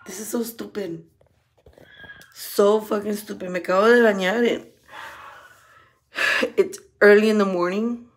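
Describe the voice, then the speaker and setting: Profane middle-aged woman. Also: medium pitch. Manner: profane, switches between English and Spanish. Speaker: vlogger. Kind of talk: casual vlog rant.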